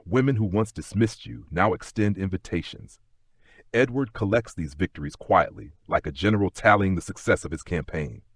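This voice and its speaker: Guy reading a sleep story, deep husky voice, gentle and slow-paced, dry close sound. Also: no echo. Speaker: narrator. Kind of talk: second-person sleep story narration.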